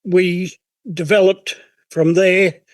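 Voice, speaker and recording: Casting: male spokesman, a touch high, measured, dry sound. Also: flat delivery, dry recording. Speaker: riders' association spokesman. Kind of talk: interview answers.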